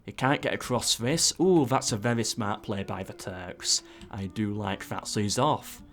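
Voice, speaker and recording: A man narrates a strategy game in casual play-by-play style. He talks at a middling pitch and keeps breaking into excited asides as the action turns. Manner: excitable, frequent "ooh"s and asides.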